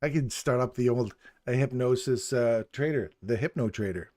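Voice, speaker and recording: A man's voice: mid-range voice, moderate pace, a little mellow. A middle-aged man hosting a live stream, chatting casually in a jokey, rambling, self-deprecating way. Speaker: livestream host.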